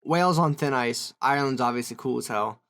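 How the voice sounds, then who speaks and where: A young woman co-hosting a podcast in casual chat, an animated storyteller who swears and mimics other people. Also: rumbling low, fairly quick. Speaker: podcast co-host.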